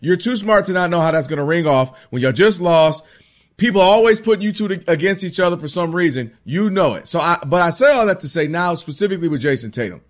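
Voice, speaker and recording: Animated high-voiced man on sports talk. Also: fast talker. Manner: animated, acts out players' voices in quotes.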